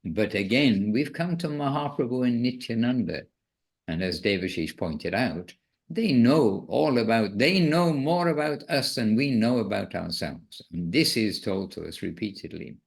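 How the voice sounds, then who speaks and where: A man who is a spiritual teacher, giving an informal devotional talk in a musing, gently self-correcting way. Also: mid-range voice, expressive, measured pace, gravelly.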